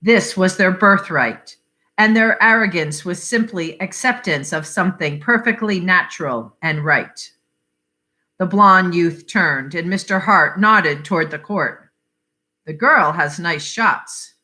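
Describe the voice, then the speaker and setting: A woman reading a short story aloud for adult listeners, unhurried and expressive. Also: on the low side. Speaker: reader.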